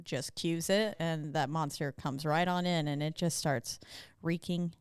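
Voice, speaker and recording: A woman's voice: deep voice, steady tone, unhurried, smooth, dry recording. A woman co-hosting a podcast, joking through a film recap and finishing her co-host's lines. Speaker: podcast co-host. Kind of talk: casual movie recap chat.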